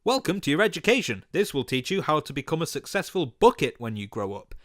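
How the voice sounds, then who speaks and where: A male reviewer rants through a cartoon in comedic commentary, sarcastic and incredulous, with plenty of swearing. His voice sits slightly high. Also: very animated, brisk, a bit bright.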